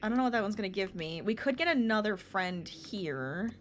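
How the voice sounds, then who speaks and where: A woman streaming a video game, chatting excitedly and reacting aloud to her viewers. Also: mid-range voice, fairly quick, slight background noise. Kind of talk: casual gameplay commentary.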